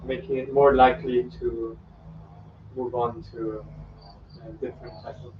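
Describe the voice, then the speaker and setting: A man's voice: medium pitch, little pitch movement, unhurried, background noise. A man asking a hesitant question in a meditation class. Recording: echoey, dull, from far off.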